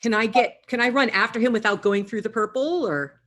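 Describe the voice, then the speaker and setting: A woman playing a tabletop game, eager and quick in her talk. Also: fairly high pitch, fairly bright tone. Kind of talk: casual chat.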